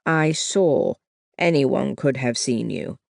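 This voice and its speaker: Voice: mid-range voice, lively intonation, takes it slowly, vocal fry, dry recording, full character voice. An audiobook narrator voicing a stern, protective young man who speaks in clipped phrases, in a dry, close recording.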